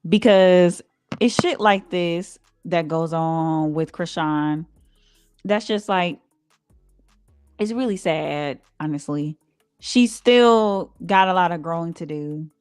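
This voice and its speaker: A woman co-hosting a casual podcast, giving earnest, measured advice. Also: lowish voice, a little mellow, clear, resonant tone, no room sound, studio quality, soft background music. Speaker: podcast co-host. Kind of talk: casual chat.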